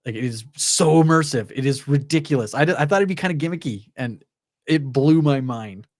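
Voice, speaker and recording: A man co-hosting a VR gaming podcast, chatting casually with lots of excitement and some swearing. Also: medium pitch, fairly quick, dry recording, studio quality. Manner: excitable and effusive, swears freely. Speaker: co-host of a VR gaming show.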